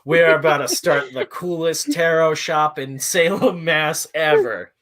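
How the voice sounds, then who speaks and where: A man's voice: on the high side, unhurried, fairly bright tone. A man hosting a casual morning stream chat, talking loosely and rambling, with lots of "uh" and the odd curse word. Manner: rambling and loose, with frequent "uh" and swearing. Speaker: stream host.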